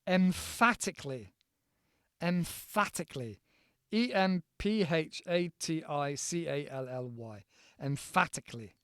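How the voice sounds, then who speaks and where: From a countryside home, a man hosts a casual podcast lesson on English vocabulary, rambling and spelling words out letter by letter. His slightly high voice is expressive, fairly bright, clear, and resonant, and he speaks a little slowly. The recording is dry and studio quality.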